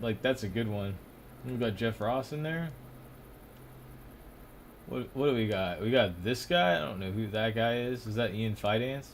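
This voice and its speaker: A man's voice: medium pitch, a little hiss or hum. Rambling, profane young man streaming. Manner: rambling, profane, laughing often. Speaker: streamer ranking comedians. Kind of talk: casual live-stream commentary.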